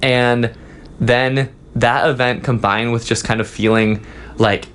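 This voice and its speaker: A young man, a student guest in a casual interview, telling a story in a halting way with many fillers. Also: mid-range voice, fairly even intonation, a bit bright, a little hiss or hum. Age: young adult. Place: office.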